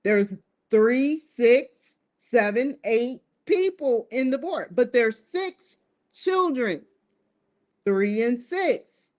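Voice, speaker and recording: Woman vlogger, slow deliberate delivery, casual and reflective, addresses the audience directly. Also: a little high, lively intonation, darkish tone. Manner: musing, addresses viewers directly with rhetorical questions. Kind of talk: casual talking-to-camera monologue.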